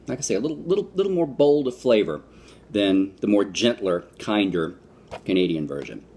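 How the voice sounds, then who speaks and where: A man's voice: lowish voice, lively intonation, normal speed, dark tone, a little hiss or hum. A man from the United States giving a casual, rambling food review vlog, with fillers and restarts. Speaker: vlogger.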